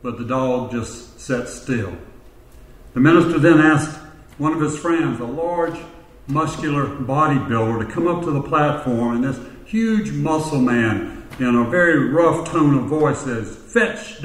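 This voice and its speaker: Pastor telling a story in a roomy church. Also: male voice, mid-range voice, unhurried, far from the mic. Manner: storytelling, rhetorical repetition. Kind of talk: sermon.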